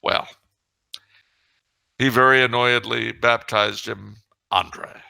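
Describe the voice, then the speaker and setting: A middle-aged man co-hosting a talk show, telling stories with animated mock indignation and acting out the dialogue. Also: medium pitch, takes it slowly, vocal fry, clear, resonant tone, dry recording. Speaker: podcast co-host. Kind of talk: casual banter and storytelling.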